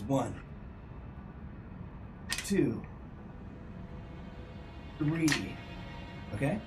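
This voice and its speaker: A man's voice: a little high, low-quality recording. A male game streamer chatting casually and joking with his live chat. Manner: joking, playful banter with chat.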